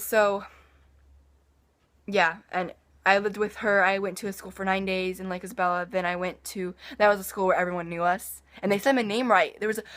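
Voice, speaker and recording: A woman's voice: medium pitch, a bit bright. A teenage girl talking straight to her camera in a loose, rambling vlog. She drifts through her story with sighs, restarts and little asides, in an easy, everyday voice. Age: teens. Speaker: vlogger. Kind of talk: casual personal vlog.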